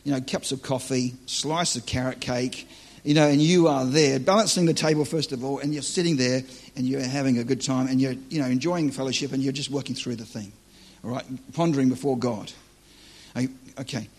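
Husky-voiced joking preacher man. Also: medium pitch, fairly quick. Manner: joking, conversational, self-deprecating. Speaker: preacher teaching on dream interpretation. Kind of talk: live church teaching to an audience.

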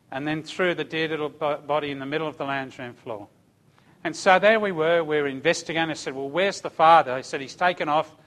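A middle-aged man, preaching a sermon and telling a personal story, dropping to a hush and then rising to loud cries. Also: fairly high pitch. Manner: storytelling, swinging from hushed to shouting. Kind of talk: sermon testimony.

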